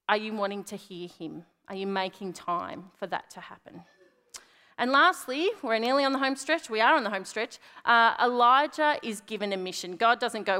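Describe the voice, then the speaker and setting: A woman preaching a conversational sermon, then leading a prayer, dropping to a hush on quiet lines. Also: mid-range voice. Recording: long reverb of a large hall.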